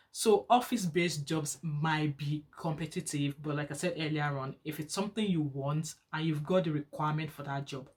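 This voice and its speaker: Chatty Nigerian woman vlogger. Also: husky. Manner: chatty and animated, rising higher when excited. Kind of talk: casual chat to camera.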